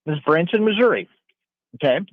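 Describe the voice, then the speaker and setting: A male caller, a Navy veteran, tells a meandering story full of restarts and asides. His voice is a little high and comes through a thin phone line, dry and close. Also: animated, brisk, no room sound. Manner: rambling storyteller with many restarts. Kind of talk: casual chat.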